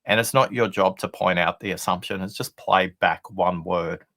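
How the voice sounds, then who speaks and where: A man's voice: sits low, fairly even intonation, moderate pace, fairly bright tone. A man, an author and guest on a leadership show, telling a story in an earnest, explanatory way over a video call. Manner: earnest, explanatory, acts out quoted dialogue. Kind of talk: conversational storytelling.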